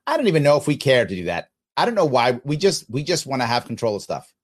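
A man's voice: medium pitch, big pitch swings, fast. A man hosting a podcast, talking through listener comments in an emphatic way and repeating his points for emphasis. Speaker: podcast host.

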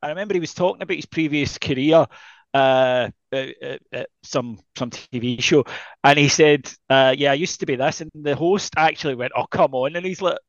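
A man's voice: on the high side, moderate pace, no room sound, lo-fi sound. A man chatting casually as a podcast co-host, rambling and self-deprecating with lots of restarts. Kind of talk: casual chat.

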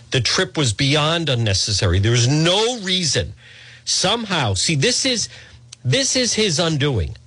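Sardonic, lively talk radio host man. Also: on the high side, no echo. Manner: sardonic and mocking, clears throat often.

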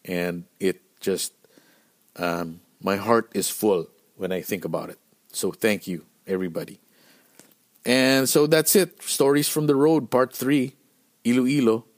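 A middle-aged man from the Philippines telling a tour story on his own show, animated and profane, acting out what people said. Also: fairly low pitch, a little slow. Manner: animated, profane, acts out quotes. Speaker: podcast host and band musician. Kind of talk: casual storytelling monologue.

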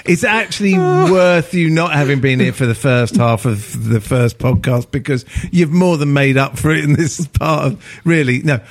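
A man hosting a football podcast, relaxed and teasing as he steers the chat. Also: fairly high pitch, moderate pace, hardly any pauses. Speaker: podcast host.

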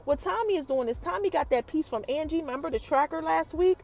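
A woman hosting a casual TV episode recap, telling the story with lively energy and talking straight to her listeners. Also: high-pitched, fast, slight background noise. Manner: animated storytelling, acts out characters' quotes, addresses listeners as y'all. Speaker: TV recap host.

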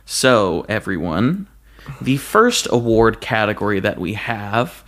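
Young man, lively swooping pitch, exclaiming, playful announcer bits, casual movie podcast co-host. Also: drawn-out words.

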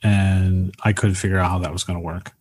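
Low-voiced guy co-host, laid back, agrees a lot, dry little jokes about the movie. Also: little pitch movement, brisk, darkish tone, husky, no echo. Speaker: podcast co-host. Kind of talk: casual film review chat.

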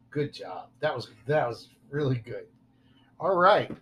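A man's voice: mid-range voice, lively intonation, a little slow, a bit bright, slight background noise. Playful male podcast host. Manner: playful, self-deprecating, stumbles over words. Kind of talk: casual podcast chat.

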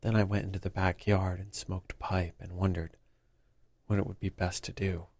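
A man voicing a frightened young male thief who pleads and confesses in a shrill, desperate way. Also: flat delivery, normal speed, a little mellow, no room sound. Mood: confessing. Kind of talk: audiobook character reading.

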